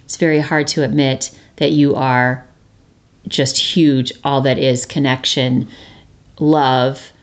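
This podcast host is a woman in her thirties with an extremely low, flat voice and a slow pace. Her solo talk is reflective, earnest and chatty, full of restarts and the occasional rhetorical "right?".

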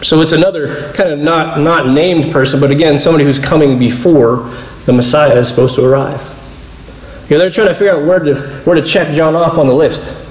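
A man's voice: a little high, a little fast, echoey room, rough recording. A man giving a casual, conversational sermon as a pastor, explaining scripture and acting out quoted dialogue along the way. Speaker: pastor teaching a Bible study.

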